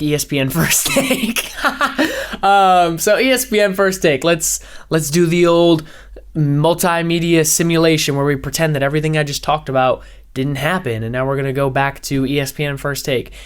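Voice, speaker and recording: A young man, a podcast host and former radio DJ, rambling in a fast, high-energy casual way with lots of "like" fillers. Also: clear, resonant tone. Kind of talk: casual solo podcast rant.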